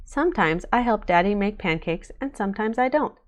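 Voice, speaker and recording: A woman reading a children's picture book aloud in a bright, expressive storytelling way. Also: mid-range voice, fairly quick. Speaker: storybook reader.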